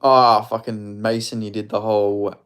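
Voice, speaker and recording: A man's voice: lowish voice, level tone, moderate pace, fairly bright tone, clean tone. A man hosting a casual live stream, rambling as he answers chat questions about fighters.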